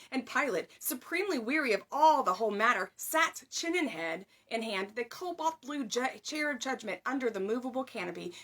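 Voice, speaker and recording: A woman with a bright, slightly high voice reads a story aloud. She is expressive, dropping to a hush for quiet moments and rising for loud ones. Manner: expressive, raises voice for crowd shouts, hushed for quiet lines. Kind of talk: reading a book aloud.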